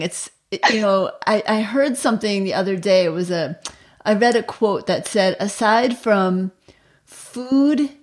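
A woman in her fifties hosting an interview, reflective and unhurried as she thinks aloud. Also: fairly low pitch. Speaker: podcast host. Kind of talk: casual interview chat.

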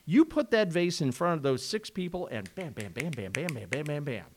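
A man co-hosting a podcast in casual chat, animated, exclaiming often and bursting into laughter. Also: on the high side, brisk. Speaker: podcast co-host.

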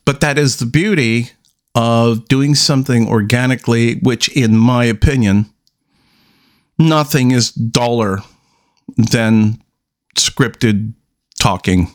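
A man hosting a solo podcast, talking unscripted, halting and restarting, with long deliberate pauses between statements. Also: medium pitch. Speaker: podcast host.

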